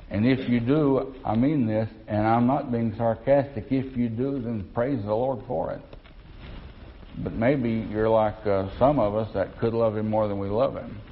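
A man's voice: fairly low pitch, narrow, tinny audio, a little hiss or hum. A male pastor preaching a sermon to his congregation in a church, asking rhetorical questions as he goes.

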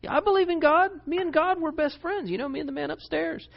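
A man's voice: very high-pitched, fast, vocal fry, lo-fi sound, voice pushed up. A man voicing a glib man who brags that he and God are best friends, breezy and overly chummy. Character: glib man boasting of lifelong faith.

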